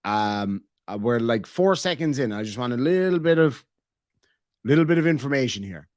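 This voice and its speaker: A man's voice: medium pitch, animated, normal speed, a little mellow, no echo, clean studio sound. Joking Irish man reading chat. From Ireland. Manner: joking, crude, rambling. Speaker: streamer host reading member messages. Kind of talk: casual reaction stream chat.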